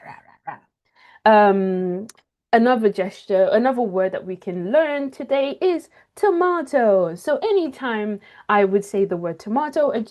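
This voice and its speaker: A teacher trainer on a video call, presenting a webinar and working through practical steps with examples in an upbeat manner. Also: female voice, medium pitch, a little mellow. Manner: upbeat, explains step by step with examples.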